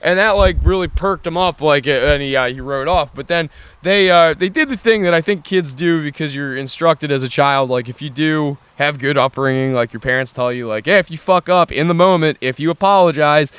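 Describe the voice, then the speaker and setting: A man's voice: a little high, normal speed, fairly bright tone, clear, resonant tone. A man hosting a podcast, telling a rambling, profane story in casual chat with lots of fillers. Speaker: podcast host.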